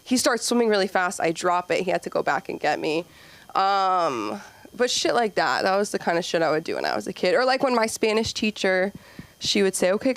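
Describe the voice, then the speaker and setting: A woman in her twenties doing a rambling stand-up set at an open mic, acting out kids in squeaky voices. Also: vocal fry. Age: 20s. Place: comedy club stage.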